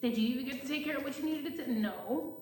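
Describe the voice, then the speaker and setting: Brief: high-voiced woman, tarot reader, blunt and profane, echoey room. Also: fast. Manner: blunt, profane, animated storytelling. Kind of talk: casual profane monologue. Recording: echoey room with faint noise.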